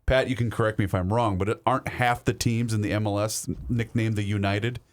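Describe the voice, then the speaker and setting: A man's voice: on the low side, fairly even intonation, a little fast. An easygoing man co-hosting a casual talk show, asking follow-up questions. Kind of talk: casual radio chat.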